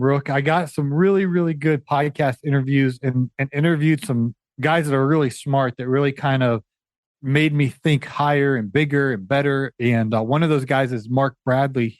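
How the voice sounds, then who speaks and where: A man guesting on a podcast, chatting casually, animated and quick to laugh, with stammering restarts. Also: medium pitch, no room sound, studio quality. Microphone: studio microphone.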